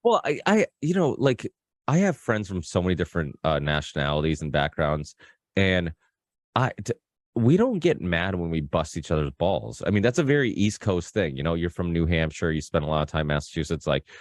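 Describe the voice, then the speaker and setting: Deep-voiced rambling male podcast host. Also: very animated, brisk, no room sound, studio quality. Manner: rambling, full of fillers and restarts, swears freely. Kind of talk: casual podcast chat.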